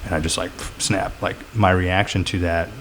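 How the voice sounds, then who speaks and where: A middle-aged man with a deep, low voice talks through his experiences as a podcast guest. He rambles reflectively, stacking up fillers and restarts. A faint hum sits under the recording. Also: steady tone, normal speed, fairly bright tone. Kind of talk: casual podcast chat.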